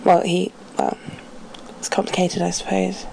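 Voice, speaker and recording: A woman caller leaving a recorded message in a smooth, raspy, deadpan voice. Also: lowish voice, unhurried, slight background noise, low-quality recording.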